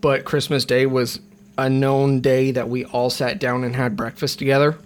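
Rambling, swearing young podcast host. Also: male voice, mid-range voice, little pitch movement, moderate pace. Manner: rambling, swears freely, many ums. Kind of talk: casual podcast chat.

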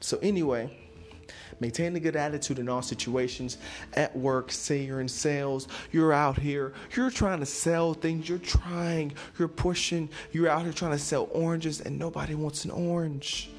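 A man hosting a solo motivational podcast, talking in an animated, playful way with sudden jumps in pitch. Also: moderate pace. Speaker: podcast host.

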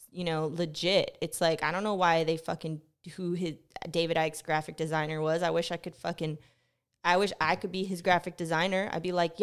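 A woman's voice: fairly low pitch, clear, resonant tone. A young woman hosting a podcast, telling a rambling, profane story in a casual monologue, her close mic catching her breathing. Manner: profane, animated storytelling, rushes then slows. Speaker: podcast host. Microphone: close mic picking up breathing.

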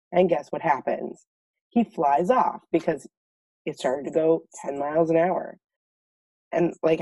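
Femme au ton emphatique, voix chaude et lointaine. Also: female voice, low-pitched, dark tone, no echo, distant mic, rough recording. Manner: emphatic, exasperated storytelling. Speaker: parent in a discussion. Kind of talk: casual group conversation.

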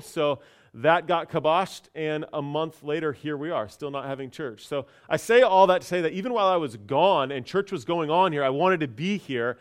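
A pastor telling a personal story in a casual, chatty sermon, with many fillers and restarts. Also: male voice, a little high, smooth.

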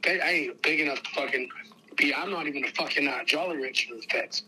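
A young man with a very bright, cutting voice rants about a grudge, swearing constantly. He swings between loud, agitated bursts and low, hushed muttering. Faint noise sits under the recording. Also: fast talker, poor audio. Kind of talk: heated casual rant.

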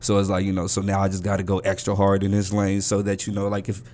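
A man hosts a casual podcast interview with a low voice. He keeps an easygoing, agreeable tone, asking questions and chatting along. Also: monotone, quick pace, a little mellow. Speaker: podcast host.

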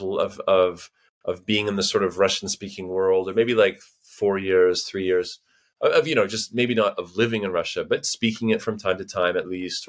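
Animated low-voiced American man telling stories. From United States. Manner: animated storyteller, acts out quoted voices, frequent fillers. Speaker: guest linguist. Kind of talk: casual interview chat.

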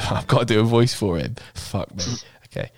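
A man's voice: fairly low pitch, animated, moderate pace, a little mellow, faint music behind. A man hosting a podcast, reading fan fiction aloud for laughs with irreverent, sweary, amused asides. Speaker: podcast host.

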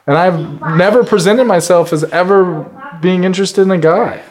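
Animated storytelling man, higher voice. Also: normal speed, background noise. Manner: animated, acts out quoted voices. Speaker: interview guest. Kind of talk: casual storytelling.

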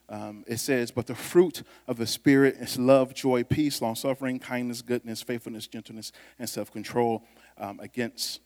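A man preaching a sermon to a congregation, talking conversationally, with loud bursts of emphasis and quiet asides. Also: mid-range voice. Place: church sanctuary. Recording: long reverb of a church hall.

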